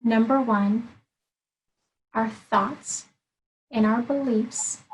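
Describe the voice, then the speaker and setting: Earnest woman coach explaining, slightly high voice. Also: steady tone, drawn-out words, a little hiss or hum, low-quality recording. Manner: earnest, explanatory, walks through points one by one. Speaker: life and executive coach. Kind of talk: interview conversation.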